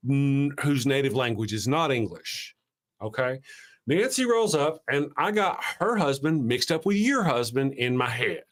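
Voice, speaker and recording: A man with a Southern US accent hosting a casual morning talk show, telling stories in an animated, self-mocking way with frequent laughter. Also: medium pitch, moderate pace. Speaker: show host.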